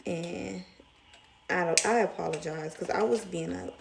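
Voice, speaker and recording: Young southern woman vlogging, low gravelly voice, chatty and rambling, faint hiss behind. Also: steady tone, measured pace. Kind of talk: casual storytime chat.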